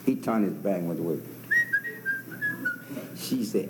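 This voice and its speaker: Male storyteller, low and lively pitch, rambling folksy dialect, hissy old recording. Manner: loose, chuckling, drawn-out delivery with lots of asides. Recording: noisy old recording with hiss.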